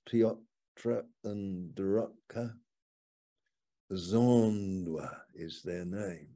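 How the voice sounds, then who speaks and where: Slow, mellow-voiced man preaching. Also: mid-range voice. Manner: conversational, reflective, reads scripture aloud. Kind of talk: informal sermon. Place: upstairs lounge of a home.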